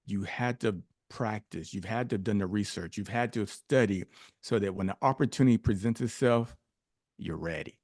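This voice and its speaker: A man's voice: on the low side, moderate pace, darkish tone, no echo. Dry close-miked man telling his story. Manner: emphatic, builds stories with rhetorical questions. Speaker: podcast guest. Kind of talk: personal storytelling in a podcast interview.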